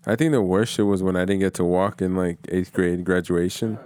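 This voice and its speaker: A man speaking relaxed and matter-of-fact in casual chat, swearing easily. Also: deep voice, brisk, clean tone, dry recording.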